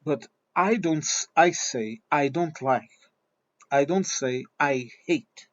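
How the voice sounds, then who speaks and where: A man's voice: fairly high pitch, slow pace. Blunt, swearing man on a dull recording. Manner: blunt, swearing, repeats himself. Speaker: vlogger. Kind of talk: opinion monologue.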